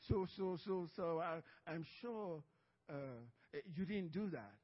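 A man's voice: on the high side, animated, slow, big-room sound, dull audio. A man preaching a sermon as pastor, telling a story with frequent laughter and acted-out dialogue.

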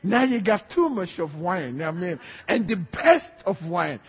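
A man's voice: high-pitched, big pitch swings, unhurried, breathy edge. A man preaching a sermon with emphatic repetition and call-and-response to the congregation. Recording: dull, echoey hall recording.

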